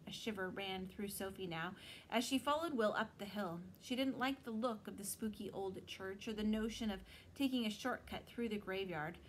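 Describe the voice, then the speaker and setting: A woman teacher reads a novel aloud to her students. Her storytelling is expressive, and her pitch sits in a middle range. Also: slight background noise, poor audio.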